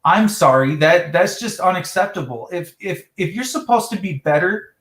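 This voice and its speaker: Angry livestream host, high voice, profane exasperated rant, echoey room. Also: male voice, lively intonation, moderate pace, fairly bright tone. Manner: heated, profane, exasperated ranting. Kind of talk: ranting livestream talk.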